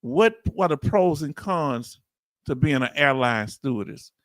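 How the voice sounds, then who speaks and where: A man's voice: mid-range voice, measured pace, dry recording. Southern man in his fifties, chatty livestream host reading chat aloud, dry close sound. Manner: chatty, reads chat aloud, bursts of laughing excitement.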